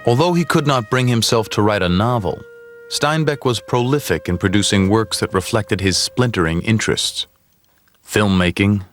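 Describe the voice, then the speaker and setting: Low-voiced male documentary narrator. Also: dry recording, clean studio sound. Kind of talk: scripted narration.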